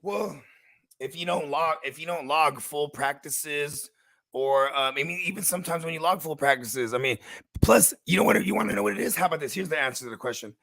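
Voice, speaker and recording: A man riffing through a late-night sports chat with loose, profane humor and animated storytelling. His voice has a gravelly grain with a bright, forward tone. The sound is dry and close. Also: on the high side, brisk, dry recording. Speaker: podcast co-host. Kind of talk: casual late-night fantasy football chat.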